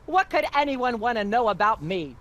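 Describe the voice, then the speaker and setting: A pompous, high-voiced talk-show host. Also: female voice, very animated, moderate pace, fairly bright tone, highs cut off. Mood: haughty. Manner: haughty, droning, endlessly ranting.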